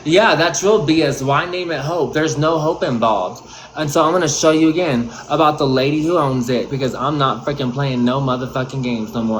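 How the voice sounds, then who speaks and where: A man's voice: medium pitch, normal speed, slight background noise. A man giving an angry, profane commentary rant on a livestream. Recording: roomy echo.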